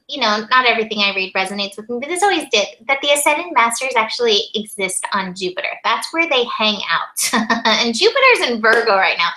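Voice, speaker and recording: A woman's voice: on the high side, sharp tone, rough recording. A woman co-hosting a tarot chat, upbeat and enthusiastic, often giggling. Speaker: co-host tarot reader. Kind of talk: casual spiritual chat.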